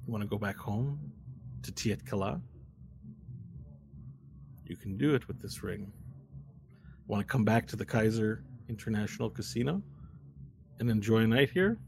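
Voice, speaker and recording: A man's voice: lowish voice, expressive, normal speed, vocal fry, pauses often, a little mellow. A man running a tabletop game as game master, narrating in a casual, descriptive way. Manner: casual, descriptive, hesitant fillers.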